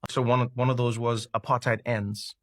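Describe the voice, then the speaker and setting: A man's voice: mid-range voice, level tone, normal speed, no room sound, clean studio sound. A South African man recalling his childhood in an interview, thoughtful and hesitant, with many fillers and restarts. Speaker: interview guest. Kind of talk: reflective interview talk.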